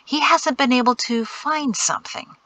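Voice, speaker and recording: A woman reading a gentle, wry man in black. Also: mid-range voice, expressive, normal speed. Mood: urgent. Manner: quiet, hushed at times.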